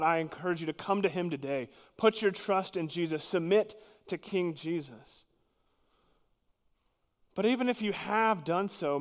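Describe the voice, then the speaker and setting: Brief: male pastor, slightly higher voice, emphatic sermon delivery, long church reverb. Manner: earnest, emphatic preaching with sudden drops to quiet.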